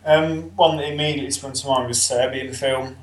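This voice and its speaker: A man's voice: medium pitch, fairly even intonation, fairly quick, echoey room. A man from England with an East Midlands accent, a podcast guest chatting casually and bluntly, swearing freely as he tells stories. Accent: East Midlands English.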